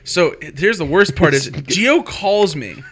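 A young man telling a story in casual chat, animated and full of swearing. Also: a little high, takes it slowly.

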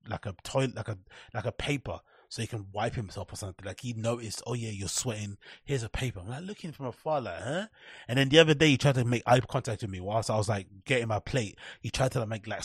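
A man rants casually as a podcast host, blunt and sarcastic with plenty of swearing. His voice sits low and husky. The sound is close and dry, with no room around it. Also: no echo. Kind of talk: casual rambling monologue.

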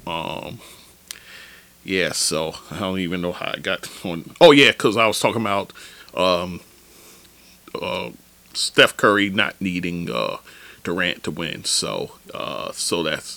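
A man hosts his own basketball podcast, talking in a lively, slangy, opinionated rant. His fairly low voice has a bright, forceful edge. It sits close and dry on the mic. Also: dry recording. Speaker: podcast host.

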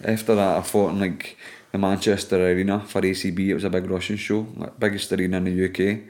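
A man's voice: low-pitched, flat delivery, fast, darkish tone. A Scottish man, an MMA fighter guesting on a podcast, chatting casually, swearing freely and laughing through his stories.

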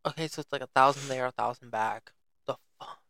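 A young adult co-hosting a podcast, reacting in a sassy, quick way with a lot of swearing. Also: mid-range voice, sharp tone. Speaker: podcast co-host. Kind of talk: casual chat.

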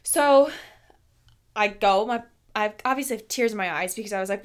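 A young woman in her twenties, a podcast host telling a personal story in a casual, animated way, laughing often and using lots of fillers. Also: medium pitch, moderate pace, clean tone.

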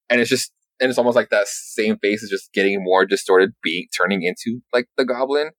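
A man casually recapping a story as a podcast host, rambling with lots of fillers and swearing, telling it with animated energy. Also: fairly low pitch, brisk, hardly any pauses, no echo. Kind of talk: casual chat.

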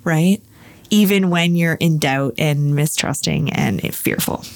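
A woman's voice: low-pitched, takes it slowly, gravelly. A woman hosting a casual chat, earnestly sharing quotes and reflecting on them. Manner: earnest, emphatic, reads quotes and riffs on them.

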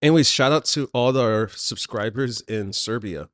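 A man's voice: mid-range voice, normal speed, no room sound. A man co-hosting a podcast in a studio, laid-back and chatty, laughing often and trailing off mid-sentence. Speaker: podcast co-host. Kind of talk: casual chat.

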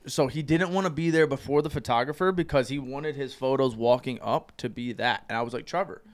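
A young man on a casual podcast, telling stories with lots of swearing and loud mimicking. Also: brisk. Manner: animated, profane, jumps into loud high voices when quoting. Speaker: podcast co-host. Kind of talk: casual storytelling chat.

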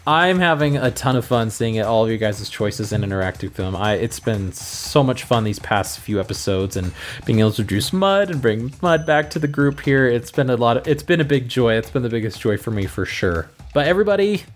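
A man hosting a podcast as game master, narrating a tabletop fantasy game in a measured, descriptive way. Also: mid-range voice.

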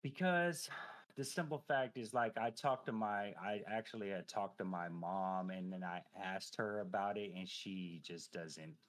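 A man in his thirties, long familiar as a podcast guest, relates a personal story in informal conversation. He's animated and foul-mouthed, leans on filler phrases, and talks unhurriedly in a lowish voice.

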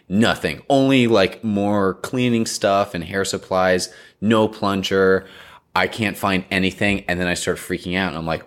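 A young man casually telling an embarrassing story, animated and rambling with lots of fillers. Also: deep voice, moderate pace.

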